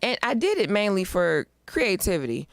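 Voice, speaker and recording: A middle-aged woman chats as an interview guest, upbeat and emphatic, with a lot of push behind her points. Her voice is smooth and clean, and the sound is dry and close with no room around it. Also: mid-range voice, very animated, moderate pace, no echo. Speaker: guest, nonprofit founder. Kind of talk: casual interview chat.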